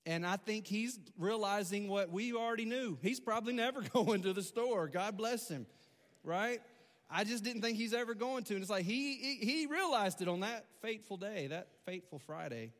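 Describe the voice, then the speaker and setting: Animated preacher man in a reverberant hall. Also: high-pitched, normal speed. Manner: conversational, animated storytelling with repetitions. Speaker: pastor. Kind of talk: storytelling sermon.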